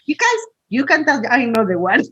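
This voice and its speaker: Woman guest, husky, muffled. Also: high-pitched, big pitch swings, measured pace, fairly bright tone, no echo. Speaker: podcast guest. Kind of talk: casual chat.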